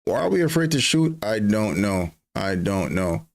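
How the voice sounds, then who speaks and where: A man hosting a fan watch-along, giving casual live match commentary in slang, swinging between flat grumbling and excited yelps. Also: lowish voice, moderate pace, gravelly. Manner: slangy, keeps saying bro.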